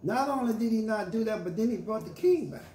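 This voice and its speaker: A man's voice: sits high, animated, brisk, mellow. Preaching man in an echoey church. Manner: preaching with scripture reading and call-and-response; emphatic, paraphrases scripture in casual slang. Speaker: pastor. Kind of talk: sermon. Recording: echoey room with faint ambience.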